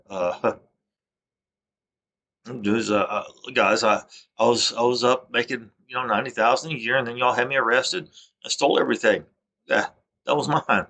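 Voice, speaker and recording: An agitated man with a drawl rants in a long, repetitive monologue. He often stumbles and starts his sentences over. His voice has a bright, forceful edge. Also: fairly low pitch. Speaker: vlogger. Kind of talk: aggrieved rambling monologue over screen recording.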